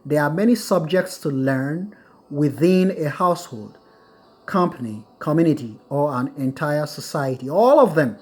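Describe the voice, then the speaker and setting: A slightly high voice with a breathy edge belongs to a middle-aged man lecturing on Buddhist wisdom in a recording. Key phrases come twice and slowly, so his students can copy them down.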